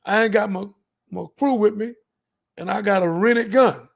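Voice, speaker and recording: A man from Texas, a guest telling a story in an animated, emphatic, colloquial way. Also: sits high, normal speed, vocal fry.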